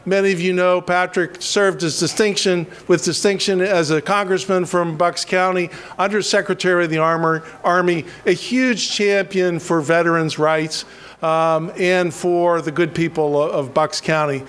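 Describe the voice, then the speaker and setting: A man from western Pennsylvania emceeing a political rally, halting with many restarts and self-deprecating jokes. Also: high-pitched, steady tone, fairly bright tone, clear, resonant tone.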